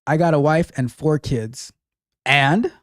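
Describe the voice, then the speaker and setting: A man's voice: fairly high pitch, slow pace, no room sound, studio quality. A man hosting a live call-in tech show, chatting casually and jokingly, often repeating his phrases. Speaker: host.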